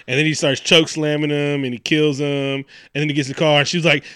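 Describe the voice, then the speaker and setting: A man recapping a movie in casual chat, animated and profane, acting out lines from the scenes. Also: fairly high pitch, fast, few pauses, no echo, clean studio sound. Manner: animated, profane, acts out quotes in silly voices. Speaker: podcast co-host.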